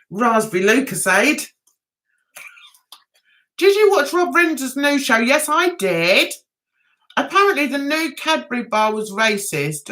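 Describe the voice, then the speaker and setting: A woman's voice: a little high, fairly bright tone. An older woman, hosting a casual livestream chat and rambling with giggles. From England. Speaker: livestream host.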